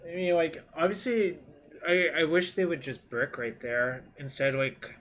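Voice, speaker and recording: A man's voice: on the high side, a little slow, fairly bright tone, slight background noise. Man thinking aloud over a card game. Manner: thinks aloud, swears casually. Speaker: card game player commentating his own match. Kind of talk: casual gameplay commentary.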